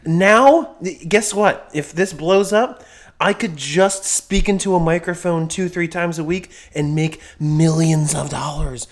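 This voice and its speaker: A man's voice: a little high, very fast, hardly any pauses, pushed and bright, reverberant, pitched above the performer's own voice. A man on a podcast putting on a grumpy old country redneck who rants crudely and blusters. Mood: ranting. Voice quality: profane, blustering. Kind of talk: podcast bit.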